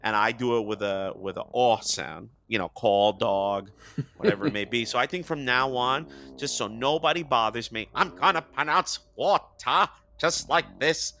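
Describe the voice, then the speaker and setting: A man with a New Jersey accent, an animated and enthusiastic guest in a casual chat. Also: lowish voice, moderate pace, slight background noise. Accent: New Jersey / New York area. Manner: animated, enthusiastic, laughs easily.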